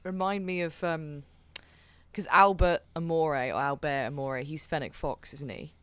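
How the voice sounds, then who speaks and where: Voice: mid-range voice, fairly even intonation, measured pace, fairly bright tone, clear, resonant tone, no room sound. A tabletop game player, chatty and jokey. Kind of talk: casual tabletop play.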